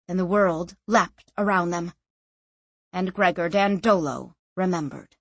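A woman narrating a fantasy audiobook in a steady, even storytelling manner on a close studio mic. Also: on the low side, unhurried, slightly rough, no room sound.

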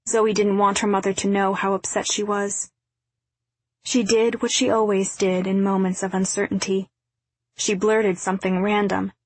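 A woman reading a novel aloud as narrator, in a quiet, even storytelling delivery. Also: medium pitch, normal speed, dry recording. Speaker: audiobook narrator. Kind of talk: scripted narration.

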